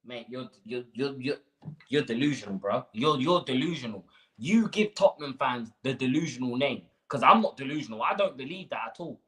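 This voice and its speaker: A man's voice: medium pitch, expressive, brisk, bright, forceful tone, poor audio. A man hosting a live fan stream, ranting with rhetorical questions and slang. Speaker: fan channel host.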